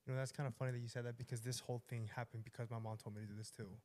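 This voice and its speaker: A man's voice: medium pitch, level tone, rapid-fire, a little mellow. A man hosting a podcast, asking questions in a chatty, casual way. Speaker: podcast host. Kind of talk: casual interview chat.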